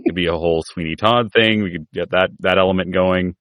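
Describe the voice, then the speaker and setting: A man's voice: deep voice, fairly even intonation, a little fast, fairly bright tone, no echo. A man guesting on a podcast, chatting casually and riffing on jokes with a laugh. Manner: jokey, riffs on bits, laughs often.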